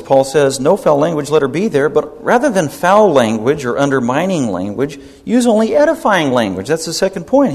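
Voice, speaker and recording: A middle-aged man preaching a sermon as pastor, animated and rising into emphatic peaks. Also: mid-range voice. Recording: long hall reverb.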